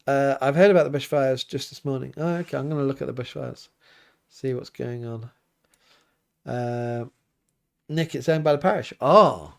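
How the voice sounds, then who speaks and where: A man, a priest hosting a relaxed livestream, reading viewer comments aloud and chatting back with an easygoing, often laughing manner. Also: medium pitch, gravelly. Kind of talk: casual livestream chat. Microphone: livestream mic.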